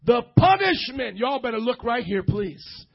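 A man pastor preaching a sermon, calling out to his congregation and building to shouts. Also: very high voice, very animated, measured pace, gravelly, breathy edge, lo-fi sound. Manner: preaching with rising shouts and audience call-and-response.

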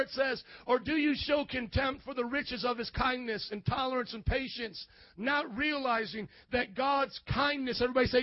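A man with a very high voice preaches a sermon, calling on the congregation to answer back and building into shouts. The sound is dry and close, with a dull, muffled top end. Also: moderate pace, no echo. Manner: preaching with call-and-response, swelling to shouts. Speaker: pastor. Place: church.

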